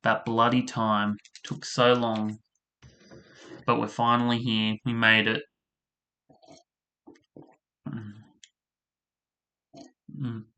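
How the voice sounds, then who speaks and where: A man's voice: mid-range voice, little pitch movement, drawn-out words, long pauses, pushed and bright. A man casually ranting as he reviews a soap opera, rambling, exasperated and swearing freely.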